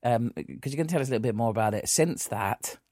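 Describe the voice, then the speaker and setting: A man's voice: mid-range voice, fast talker, darkish tone, dry recording, clean studio sound. A man hosting a live podcast interview, rambling, jokey and often correcting himself. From based in Liverpool. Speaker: podcast host.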